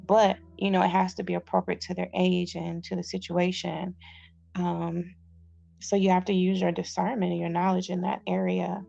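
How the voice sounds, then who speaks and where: A middle-aged woman records a casual phone vlog with headphones in, reading passages from a self-help book aloud and then chatting about them as a review. Her lowish voice is level, creaky and dark at normal speed, and the audio is dull.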